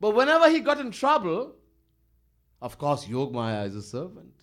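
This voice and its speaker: Animated swami. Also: male voice, sits high, normal speed. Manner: animated, with frequent chuckles. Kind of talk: devotional storytelling sermon.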